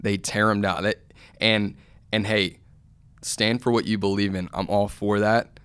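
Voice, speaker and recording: A man with a lowish voice talking about faith on a casual podcast. He gets animated as he goes and builds to fired-up emphasis. He speaks as a co-host answering his partner. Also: a little slow, smooth, dry recording.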